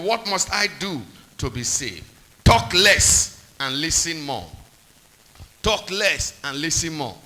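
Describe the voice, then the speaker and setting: Emphatic preacher man, lively pitch. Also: rough recording. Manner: call-and-response questions, emphatic repetition. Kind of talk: sermon.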